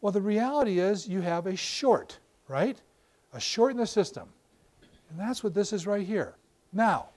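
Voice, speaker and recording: An older man giving a professional lecture on a wireless mic, explaining with animated stories and acted-out examples. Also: sits high, normal speed. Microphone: battery-powered wireless mic.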